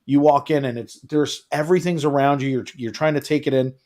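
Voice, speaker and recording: A man's voice: mid-range voice, fairly quick. A man co-hosting a live travel chat, telling stories with lots of energy and acting out the people he quotes. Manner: animated storytelling, acts out quotes. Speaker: co-host of a travel show. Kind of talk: casual livestream chat.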